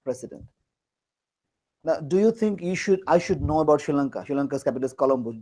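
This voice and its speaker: A man's voice: a little high, expressive, fast, darkish tone, rough recording. A man from Bangladesh teaching a class, teasing and joking as he quizzes his students. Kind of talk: classroom lecture.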